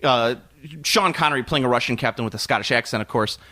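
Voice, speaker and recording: A man co-hosting a movie podcast, talking casually and excitedly, with many ums and restarts. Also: mid-range voice, quick pace. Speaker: podcast co-host.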